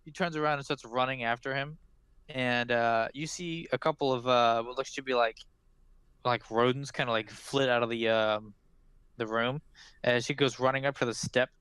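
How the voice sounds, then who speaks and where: A man's voice: mid-range voice, steady tone, moderate pace, fairly bright tone, clean tone, no room sound, poor audio. A man narrating as game master of a tabletop game, loose and full of fillers.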